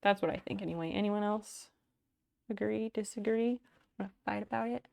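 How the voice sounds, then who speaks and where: A woman's voice: mid-range voice, moderate pace, creaky, a little mellow. A woman streamer in casual live chat, thanking viewers by name, telling stories and swearing casually.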